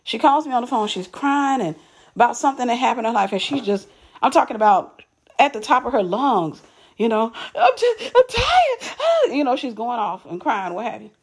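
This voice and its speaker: A woman speaking in a somewhat high, husky voice as she tells a personal story to her viewers. Her delivery is casual and emphatic, full of restarts and repeated words. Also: brisk. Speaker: vlogger.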